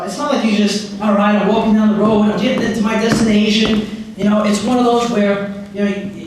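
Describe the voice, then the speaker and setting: A high-pitched man gives a motivational talk and tells a story with lively acted-out characters. He is recorded from far off in a very echoey hall, so his voice sounds distant. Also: slight background noise. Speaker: motivational speaker. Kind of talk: live presentation with storytelling. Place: public library meeting room before an audience.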